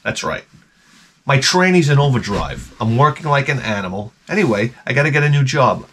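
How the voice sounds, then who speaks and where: A man's voice: medium pitch, very animated, brisk, a bit bright, slight background noise. A man vlogging in a rambling, profane monologue, swearing often and breaking into mouth sound effects. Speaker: retro gaming vlogger.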